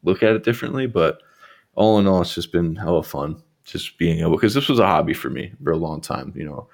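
A man's voice: low-pitched, lively intonation, a little fast, vocal fry. A man, a guest artist on a podcast, talking in a laid-back casual way with lots of filler and some swearing. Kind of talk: casual chat.

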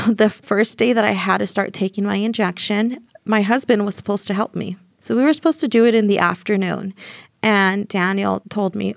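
A young adult woman telling her own story in an interview, getting animated when she acts out scenes. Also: mid-range voice, vocal fry, dry recording, studio quality. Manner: animated, voices rise when reenacting scenes.

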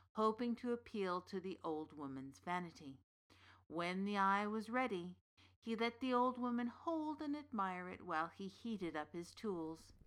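An old witch telling a dark folktale, measured and deliberate, in a mid-pitched voice, as an actress voices her. Her storytelling is unhurried and knowing. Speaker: narrator. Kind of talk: scripted storytelling narration.

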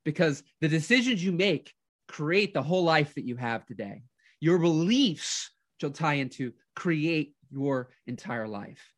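A man who works as a life coach, giving an energetic motivational talk, telling a personal story with frequent restarts. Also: a little high.

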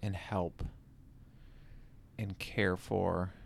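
Slow, gravelly-voiced male podcast host. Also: low voice, little pitch movement. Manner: slow, thoughtful, earnest reflection. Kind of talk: casual interview chat.

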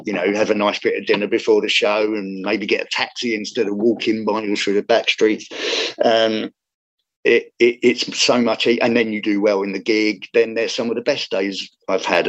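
A man's voice: on the low side, highs cut off. A man, a comedian chatting in an interview, rambling with many restarts. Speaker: comedian guest. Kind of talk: casual interview chat.

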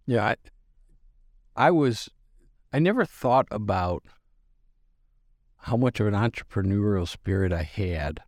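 Man, 60s, podcast guest; low, dry, rambling self-deprecating storyteller. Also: lively intonation, measured pace, long pauses, a little mellow, dry recording. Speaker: podcast guest, business founder. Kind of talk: casual storytelling interview.

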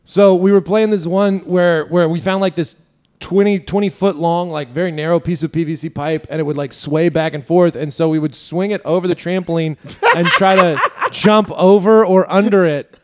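A man's voice: high voice, steady tone, moderate pace, slight background noise. A man from Mississippi co-hosting a podcast, telling childhood stories with lots of laughter and swearing. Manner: laughing storyteller, swears freely. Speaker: podcast co-host. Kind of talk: casual chat.

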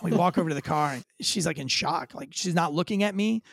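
Gravelly, high-pitched energetic storyteller man. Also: quick pace, no echo. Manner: high-energy, vivid storyteller acting out quoted lines. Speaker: guest, former police officer. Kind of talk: animated storytelling interview.

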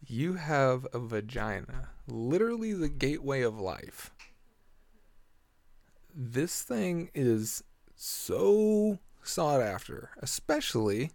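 A man spinning a casual story full of swearing, laughing often as he acts out each back-and-forth. His voice is dry and close, with no room sound, at an ordinary middle pitch. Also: vocal fry, no echo. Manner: profane, laughing often while telling the story; animated retelling, acting out exchanges.

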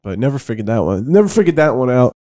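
A man's voice: mid-range voice, big pitch swings, fast, dark tone. A young man co-hosting a podcast, telling a profane, laugh-filled story in casual chat. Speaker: podcast co-host.

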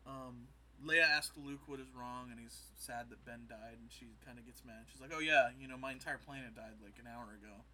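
Bright-voiced man recapping a show. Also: mid-range voice, steady tone. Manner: laid-back, recounts scenes with quick quoted voices. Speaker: podcast co-host. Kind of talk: casual chat recapping a show.

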